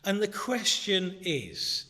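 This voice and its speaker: A man delivering an earnest, conversational sermon in a church. His voice is fairly high and bright, and it carries a long reverb through the hall. He drops to a hush and then climbs back up. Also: big pitch swings, slow pace. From Britain. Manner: earnest, conversational preaching with swings from hushed to shouting. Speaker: minister.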